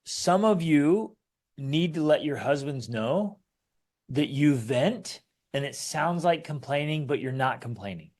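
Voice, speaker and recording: A man's voice: fairly high pitch, animated, measured pace, a little mellow. A man co-hosting a family podcast in casual chat, acting out quoted lines with animation. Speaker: podcast co-host.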